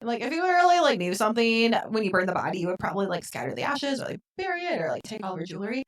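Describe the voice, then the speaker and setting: A woman co-hosting a podcast, retelling a film in casual chat and acting out the characters' lines with lively swings. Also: medium pitch, racing. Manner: animated retelling, acts out quotes. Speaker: podcast co-host. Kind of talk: casual movie recap chat.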